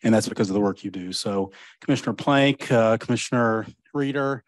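A man's voice: lowish voice, fairly quick, no room sound. Man, staff member, appreciative, easygoing, dry close sound. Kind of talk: public comment at a meeting.

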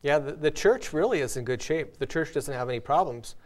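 A man's voice: on the high side, animated, brisk. A man hosting a casual spiritual discussion, earnestly telling illustrations from his own life. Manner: earnest storyteller, tells illustrations with light laughs. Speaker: host.

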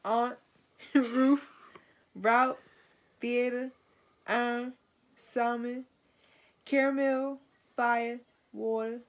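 A woman's voice: on the high side, level tone, very slow, pauses often. A young woman from Washington, D.C., chatting in a laid-back, giggly way as the vlogger's sister. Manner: laid-back, giggly, reads questions aloud. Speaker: guest sister. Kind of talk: casual chat.

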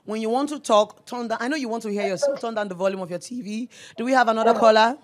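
This radio host, a Nigerian woman in her thirties, takes calls live with lavish affection, blending in Pidgin and calling each caller "darling." Her voice runs on the high side at a quick pace.

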